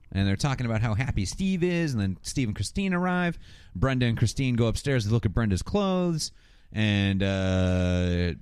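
A man's voice: lowish voice, clean tone, no echo, clean studio sound. A man in casual chat, recapping a TV episode and acting out the characters' lines in shifting voices. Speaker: podcast host recapping an episode.

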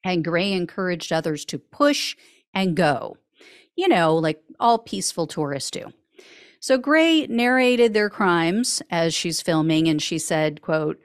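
A woman's voice: fairly low pitch, expressive, unhurried, clean tone, dry recording. Woman host, news podcast recap, dry sarcastic delivery, close dry mic.

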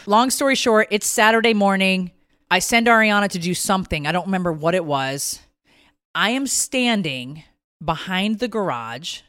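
A woman's voice: moderate pace, dry recording, studio quality. A middle-aged woman telling a long story in casual chat, swearing freely and acting out other people's lines. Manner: animated, profane, acts out quotes in a high voice. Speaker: podcast host.

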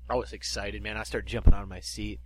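A man's voice: on the low side, flat delivery, fast. A teenage man from Canada, co-hosting a podcast in casual chat, telling school stories with animation and teasing his friend. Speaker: podcast co-host.

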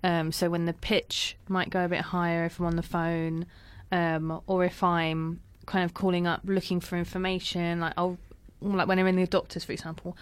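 A woman from West London with a London accent, chatting casually as a radio presenter and slipping into quick imitations of other voices. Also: fairly low pitch, little pitch movement, clear, resonant tone, no echo. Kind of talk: casual panel chat.

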